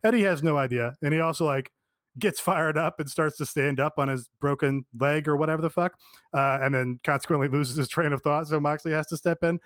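A man in casual podcast chat who gets excited, swears, and acts out bits. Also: a little high, fairly quick, no echo, studio quality. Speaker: podcast co-host.

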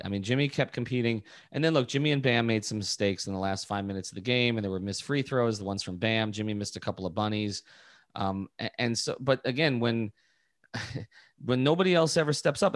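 A man's voice: on the low side, no room sound, studio quality. A man co-hosting a sports podcast, giving blunt, frank basketball analysis in casual chat. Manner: blunt, frank verdicts on the team.

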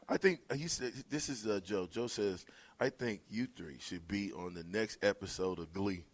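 A man's voice: lowish voice, normal speed. A man hosting a sports talk radio show, bantering and laughing with his co-hosts in the studio. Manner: animated, laughing, playful teasing.

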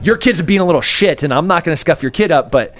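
Animated man telling stories on a podcast. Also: quick pace, dry recording. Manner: animated storyteller, acts out quotes with big pitch jumps. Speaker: guest. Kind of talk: casual podcast chat.

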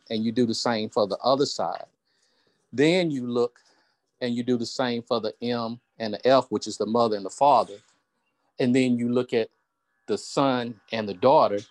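A man with a Southern US accent on a group call, explaining step by step with halting restarts. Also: mid-range voice. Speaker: caller.

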